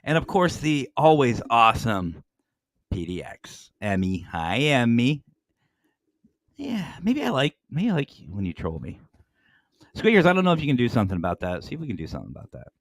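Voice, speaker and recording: Lively, profane man hosting a podcast. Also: mid-range voice, moderate pace, dry recording. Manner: joking, swears freely, expressive storytelling. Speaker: podcast host. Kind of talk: casual profane chat.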